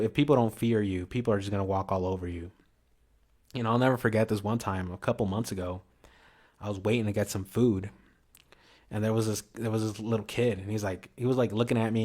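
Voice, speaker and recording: Rambling slangy man, lowish voice. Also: a little mellow. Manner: slangy, full of "you know" and restarts. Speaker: vlogger. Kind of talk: rambling casual monologue.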